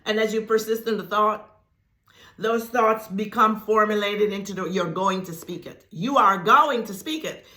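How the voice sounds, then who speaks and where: A woman giving a spiritual talk as host of her channel, speaking deliberately, repeating phrases for emphasis and laughing often. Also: mid-range voice, sharp tone. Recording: echoey room.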